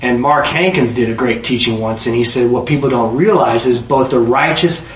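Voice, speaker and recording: A man preaching a sermon, telling stories and jokes, rising loud to drive points home, then dropping low. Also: moderate pace, a little hiss or hum. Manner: lively storyteller, rises loud to preach then drops low. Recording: echoey room heard from a distance.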